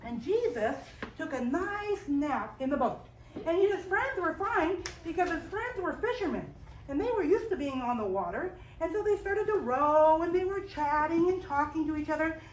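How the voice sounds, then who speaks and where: Woman, high voice, children's Bible teacher, animated storytelling, echoey room, distant mic. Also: moderate pace, a little hiss or hum. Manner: animated, asks the children questions. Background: children's group.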